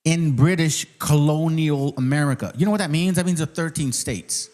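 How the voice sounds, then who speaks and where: A man hosting his own channel, ranting in casual commentary, profane and mocking, sometimes reading a document aloud slowly. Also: on the high side, darkish tone. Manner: reads aloud slowly, then speeds up. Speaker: channel host.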